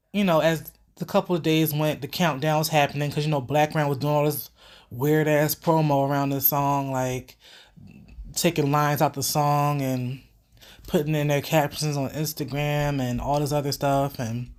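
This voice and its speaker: A young woman hosting her own vlog, talking straight to her viewers in casual opinion commentary, animated and swearing freely, her nose still a little stuffy from a cold. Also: sits low. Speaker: vlogger host.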